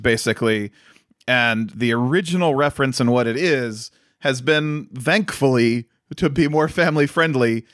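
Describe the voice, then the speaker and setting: Here a podcast co-host with a mid-range, fairly bright voice chats casually, rambling through stories and laughing often. The recording is dry and clean, studio quality.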